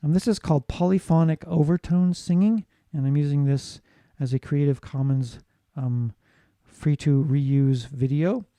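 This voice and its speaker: Dark-voiced man giving a phonetics lecture. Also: on the high side, fairly even intonation, a little slow, hardly any pauses, no echo. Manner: explanatory, checks in with "right?". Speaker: teacher. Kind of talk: recorded lecture.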